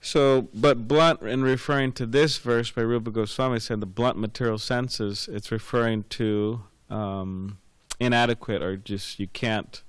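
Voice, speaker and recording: A man's voice: mid-range voice, steady tone, unhurried, hardly any pauses, clean tone, no echo. A man giving a scripture class, rambling and repeating words with many fillers, telling anecdotes. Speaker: class speaker.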